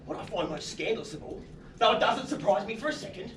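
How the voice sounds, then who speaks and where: An actor playing a blunt, crude, indignant uncle in a live stage play recorded from a distant microphone in a roomy space. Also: male voice, high-pitched, lively intonation, fast, fairly bright tone, a little hiss or hum. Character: blustering, indignant middle-aged uncle.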